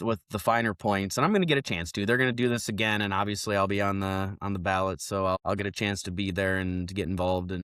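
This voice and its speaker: A man who is a political candidate, telling stories in casual podcast chat, animated and profane, acting out what people said. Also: fairly low pitch, clear, resonant tone, no echo, studio quality.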